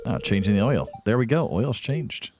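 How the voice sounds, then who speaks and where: A man's voice: mid-range voice, lively intonation, normal speed, background noise. A young man casually commenting on his farming game to viewers, chatty and self-deprecating, a bit tired and yawning. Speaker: let's play host.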